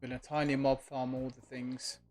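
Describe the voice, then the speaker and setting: A man's voice: mid-range voice, little pitch movement, normal speed, darkish tone. A man streaming a game live, casually thinking aloud and chatting back to his viewers. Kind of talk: relaxed live-stream gaming chat. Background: faint lo-fi music.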